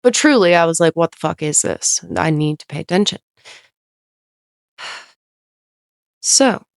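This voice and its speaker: Rambling, candid woman with a smooth voice. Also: fairly low pitch, dry recording, studio quality. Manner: rambling, self-interrupting, heavy use of "like"; candid, occasionally swears. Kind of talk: casual podcast storytelling.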